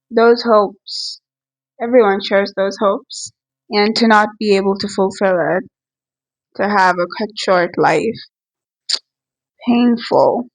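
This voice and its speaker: A woman giving a casual, reflective reading and analysis of a poem, musing aloud with pauses and restarts. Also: mid-range voice, rough recording. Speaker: poetry reviewer.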